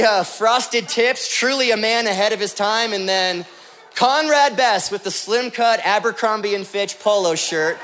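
A man's voice: high-pitched, a little hiss or hum. A man preaching as a pastor, telling jokey stories and slipping into put-on voices before making his point. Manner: joking, animated storytelling with put-on voices. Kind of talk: comedic sermon.

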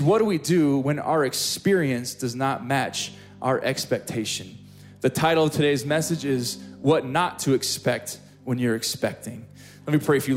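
A young man preaching a sermon as pastor, telling a story with lively, acted-out moments in front of a room. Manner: animated storytelling, acting out scenes with big pitch jumps. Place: church hall with live audience.

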